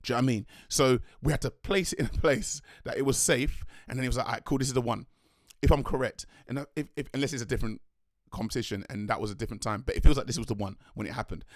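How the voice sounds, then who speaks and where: Excitable young man telling a story. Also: medium pitch, fast, no room sound, studio quality. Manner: rambling, excitable, slangy, self-correcting. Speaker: dance crew leader and choreographer. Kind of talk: vlog storytelling.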